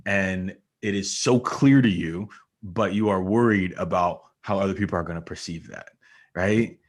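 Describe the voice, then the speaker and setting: A man hosting a podcast as an acting coach, talking in an animated, coaching way and laughing often. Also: low-pitched, moderate pace. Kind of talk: casual interview.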